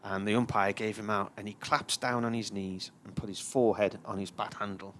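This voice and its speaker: A man's voice: fairly low pitch, level tone, fairly quick, a bit bright, a little hiss or hum. A man, commentating on live cricket and telling a long, chatty anecdote. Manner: chatty storyteller, puts on voices for characters in his tales.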